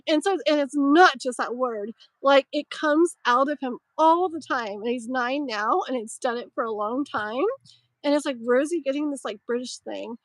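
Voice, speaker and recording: A woman's voice: high-pitched, moderate pace, dry recording, poor audio. A woman in her thirties chatting casually while doing live tarot readings, rambling with lots of fillers and a slightly strained voice. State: voice strained, clearing throat. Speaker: tarot reader streaming live. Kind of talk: casual live-stream chat.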